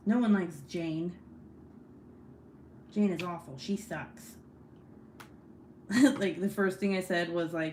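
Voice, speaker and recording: Slow-talking chatty woman streamer. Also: lowish voice, fairly even intonation, darkish tone, slight background noise. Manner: chatty, laughs often, reads viewer comments aloud. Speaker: host of a book club live stream. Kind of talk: casual live-stream chat.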